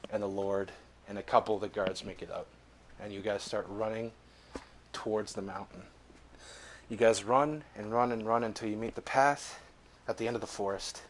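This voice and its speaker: Low-voiced young male game master. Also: a little hiss or hum. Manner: vivid, swearing freely, laughing between beats. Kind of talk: narrating a tabletop game.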